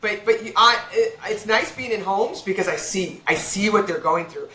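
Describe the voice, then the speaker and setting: A woman veterinarian speaking frankly and casually as a podcast guest, talking in quick bursts with restarts. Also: mid-range voice, bright, forceful tone. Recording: echoey room with faint background hum.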